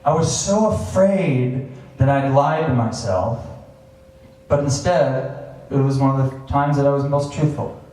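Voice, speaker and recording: A man's voice: mid-range voice, a little slow, warm tone. A man in his thirties tells a personal story to a live audience, acting out his own past thoughts with chuckles. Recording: very echoey, distant, faint hiss.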